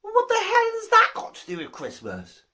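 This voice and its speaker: A woman's voice: a little high, sing-song, moderate pace. A woman voicing a fussy old male gatekeeper saint in a joke, sounding exasperated.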